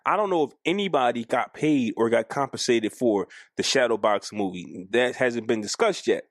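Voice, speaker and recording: A man co-hosting a podcast in casual chat, animated and arguing his point, acting out quoted lines. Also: medium pitch, moderate pace, no echo, studio quality. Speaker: podcast co-host.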